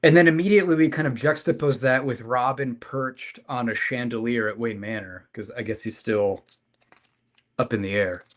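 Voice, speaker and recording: A man co-hosting a podcast, talking casually and enthusiastically about comics, with deadpan jokes and trailing restarts. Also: mid-range voice, moderate pace. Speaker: podcast co-host. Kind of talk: casual comic book chat.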